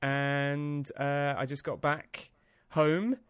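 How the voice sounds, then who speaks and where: A man, co-hosting a podcast in casual comedic chat, playful and quick to giggle. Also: on the high side, level tone, clear, resonant tone, no room sound, studio quality. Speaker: podcast co-host.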